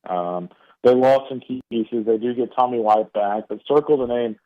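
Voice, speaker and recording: A man's voice: mid-range voice, moderate pace. A man with an East Texas drawl calls in as a baseball analyst and talks through his picks in a loose, rambling way, with plenty of fillers and restarts. His mid-range voice comes through a thin, tinny phone line. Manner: loose, filler-heavy talk with many restarts. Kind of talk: radio interview commentary. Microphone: phone call into studio.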